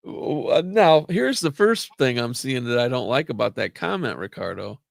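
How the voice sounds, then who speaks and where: A man in casual chat, telling rambling, animated stories and cursing freely. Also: medium pitch, gravelly, dry recording, studio quality.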